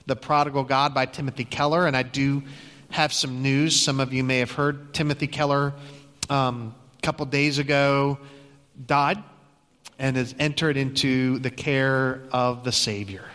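A bright-voiced preacher in a reverberant hall. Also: male voice, mid-range voice, steady tone, unhurried. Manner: conversational, hesitant restarts. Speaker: pastor. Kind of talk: sermon storytelling.

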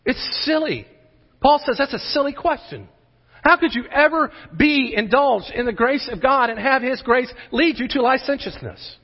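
A man's voice: extremely high pitch, lively intonation, moderate pace, husky. A man preaching a sermon as pastor, emphatic and full of rhetorical questions. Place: church sanctuary. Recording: muffled sermon audio in a large hall.

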